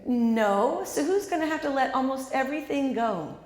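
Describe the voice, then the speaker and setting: A woman's voice: high voice, expressive, normal speed, a little mellow, long reverb tail. A woman author giving an interactive talk to a live audience, quizzing the listeners and repeating their answers back. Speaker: author and speaker.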